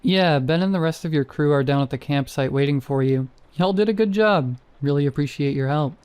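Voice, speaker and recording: A man voicing a calm male park ranger who speaks in a steady, comforting, folksy way. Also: on the high side, a little fast, clear, resonant tone, no echo, close to an everyday voice. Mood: reassuring.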